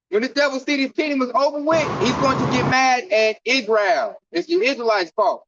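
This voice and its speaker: A man's voice: very high voice, fairly bright tone. A man preaching and teaching scripture at an outdoor camp gathering in a fiery, slangy, preachy way. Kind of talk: street sermon teaching. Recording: dull lo-fi dry recording.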